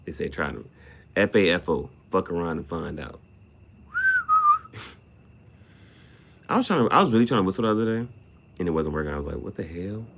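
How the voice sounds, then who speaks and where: A man vlogging in a casual rambling monologue, slangy and swearing, jumping between topics, laughing often, his voice shooting high on sudden outbursts. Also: very animated, fast talker, gravelly, a little hiss or hum.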